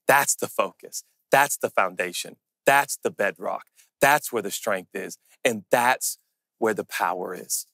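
A man preaching a sermon as pastor, earnest and intimate, slowing down to press on key words. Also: on the low side, sharp tone, no echo.

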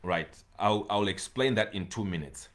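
A man's voice: lowish voice, animated, moderate pace, a bit bright. A man preaching a sermon, pleading and emphatic, repeating key words for stress.

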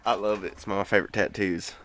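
A man's voice: fairly low pitch, little pitch movement, very fast, fairly bright tone, no room sound. A young man co-hosting a podcast, bantering playfully with swearing and laughter. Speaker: podcast co-host. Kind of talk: casual chat.

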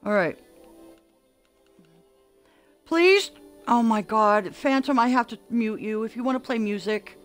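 Older female gaming streamer, bright-pitched and bouncy, excitable team caller. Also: a little slow, long pauses, faint music behind. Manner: chatty, excitable, calls out orders to teammates. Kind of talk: live gameplay commentary.

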